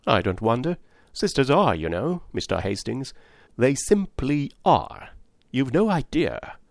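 A man's voice: medium pitch, very animated, a little slow, gravelly, dry recording, studio quality. Man doing a chirpy young girl. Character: lively, cheerful young girl.

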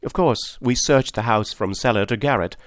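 A man narrating a story aloud in a measured, formal manner. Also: medium pitch, no echo, clean studio sound. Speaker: audiobook narrator. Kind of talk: scripted narration.

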